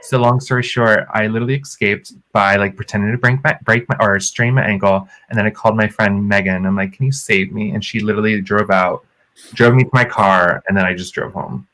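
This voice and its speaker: A man's voice: on the low side, fairly even intonation, fairly quick, fairly bright tone. A man co-hosting a podcast, telling a story animatedly and acting out the quotes in a raised voice. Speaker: podcast co-host. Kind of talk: casual storytelling chat.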